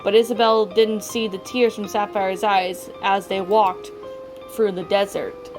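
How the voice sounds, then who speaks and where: A woman reading a creepypasta aloud in a halting way, often stumbling and correcting herself. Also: mid-range voice, steady tone. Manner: halting, frequent self-corrections. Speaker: story reader. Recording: faint background music.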